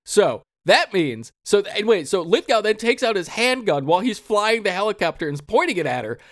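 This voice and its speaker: A man's voice: high voice, very animated, a little fast, dry recording, clean studio sound. A man co-hosting a casual podcast, talking through a movie, swearing and acting out characters' lines. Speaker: podcast co-host.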